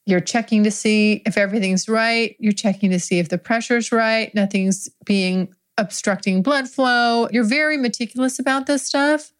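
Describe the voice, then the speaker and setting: A woman with a medium-pitched voice hosts an adult podcast, improvising a first-person story in a candid, profane style and laughing often as she goes.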